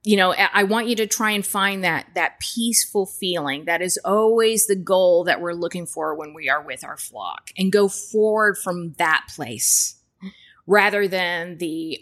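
A woman's voice: on the low side, measured pace, fairly bright tone. A woman hosting a podcast, talking casually and earnestly, reassuring listeners with many fillers and restarts. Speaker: podcast host.

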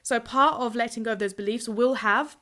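Bright, blunt woman podcasting solo. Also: a little high, brisk. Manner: blunt, swears freely, energetic and chatty. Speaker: podcast host and purpose coach.

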